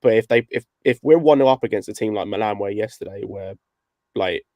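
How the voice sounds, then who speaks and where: A man's voice: fairly low pitch, brisk, dark tone, no echo. A man arguing his point emphatically in a casual panel chat, repeating himself and using lots of fillers.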